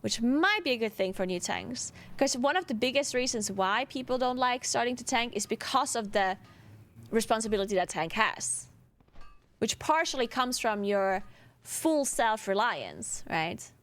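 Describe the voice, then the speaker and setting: A woman streamer talks through her views in a relaxed, casual way. Her voice sits a little high, and she hedges often, tossing in "like" and "right?" as she thinks out loud. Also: normal speed. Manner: thinking aloud, hedging, many "like" and "right?".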